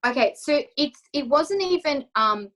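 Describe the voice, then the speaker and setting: Earnest woman coach with a high voice. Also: lively intonation, unhurried, fairly bright tone, poor audio. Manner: emotional, acts out her own inner dialogue. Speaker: confidence coach, interview guest. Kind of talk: candid personal story in an interview.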